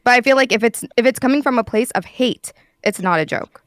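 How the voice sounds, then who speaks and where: A woman's voice: on the high side, animated, a little fast, no echo, studio quality. A woman on a podcast panel arguing her view in a hesitant way, rephrasing with fillers. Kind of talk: casual debate.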